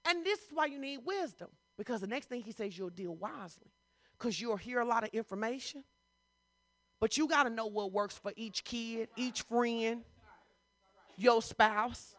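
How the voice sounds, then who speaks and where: A woman pastor preaching a sermon in a conversational style, full of rhetorical questions and rising to loud, emphatic bursts. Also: fairly high pitch, lively intonation, moderate pace, no room sound.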